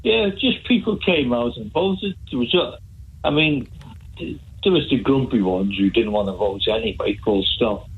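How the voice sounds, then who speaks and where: A man's voice: mid-range voice, animated, a little slow, breathy edge. A man calling in to a radio show, chatty and cheerful, rambling a little as he talks. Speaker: caller. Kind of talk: phone-in call. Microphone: telephone line. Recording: tinny phone line.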